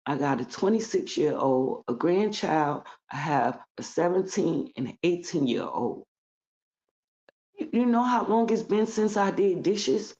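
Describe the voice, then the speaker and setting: A woman's voice: on the low side, lively intonation, measured pace, dark tone, dull audio. Blunt, profane woman in her forties. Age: 40s. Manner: blunt, profane, acts out other voices while telling a story. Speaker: interview guest. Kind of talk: casual storytelling interview.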